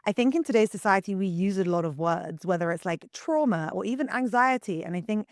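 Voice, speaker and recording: A young woman hosting a solo podcast, husky from the early morning, talking frankly to listeners as if to close friends. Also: medium pitch, lively intonation, brisk, no echo. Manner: candid, confiding, talks to listeners like friends. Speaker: podcast host and wellness coach. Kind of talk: chatty solo podcast monologue.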